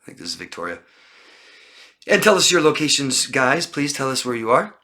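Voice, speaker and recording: A man's voice: medium pitch, sing-song, a little fast, sharp tone. A man coaching on a live stream who reads out viewer comments and answers them emphatically, often tagging lines with "okay?". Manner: emphatic, repeats lists of words and asks "okay?". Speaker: relationship coach.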